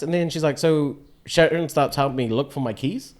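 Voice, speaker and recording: A man's voice: a little high, moderate pace, a little mellow. A man telling a comedy story in casual chat, swearing and acting out the voices of others. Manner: swearing, laid-back, acts out quoted voices. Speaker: comedian guest.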